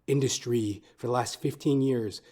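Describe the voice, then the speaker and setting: A man's voice: mid-range voice, moderate pace, warm tone. A man hosting his own podcast, talking in a casual, rambling, profane and self-mocking monologue from home. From Canada. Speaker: podcast host.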